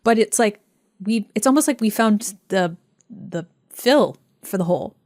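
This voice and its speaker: A young woman co-hosts a podcast in a loose, chatty way, full of "like" and quick laughs. Her voice sits in a middle range, recorded close and dry with no room sound. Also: mid-range voice, expressive, a little mellow, no room sound. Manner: chatty, laughs often, many fillers. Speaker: podcast co-host. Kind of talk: casual chat.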